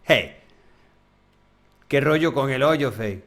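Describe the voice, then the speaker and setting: A man's voice: medium pitch, animated, slow pace, a bit bright. A young man streaming a game live, chatting casually with his viewers and rambling, self-mocking, often trailing off into mumbles.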